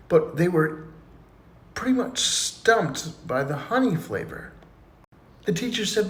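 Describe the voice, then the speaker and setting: A man telling a run of dirty jokes in a lively storytelling manner, jumping his pitch up for punchlines and quoted voices. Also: a little hiss or hum. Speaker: joke teller.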